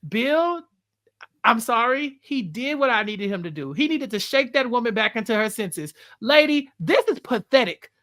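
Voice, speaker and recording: A woman co-hosting a casual podcast about a TV show, talking in an animated way and acting out scenes. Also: on the high side, moderate pace. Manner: animated, reenacts scenes and talks back to the show. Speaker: podcast co-host. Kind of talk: casual pop-culture chat.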